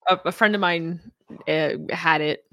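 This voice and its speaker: A woman playing a halting, guarded adventurer. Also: fairly low pitch, a bit bright, dry recording. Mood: hesitant. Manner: hesitant, halting, full of restarts.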